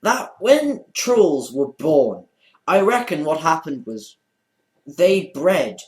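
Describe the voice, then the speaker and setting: Teen male co-host, rambling jokey delivery with a lively, swinging voice. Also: a little high, slow pace. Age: teens. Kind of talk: casual podcast banter.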